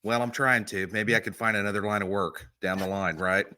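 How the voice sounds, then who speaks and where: A man's voice: fairly low pitch, steady tone, brisk, sharp tone, dry recording. A middle-aged man hosting a live stream, chatting in a rambling, friendly way and greeting viewers by name. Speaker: host; homicide detective. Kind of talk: casual live-stream chat.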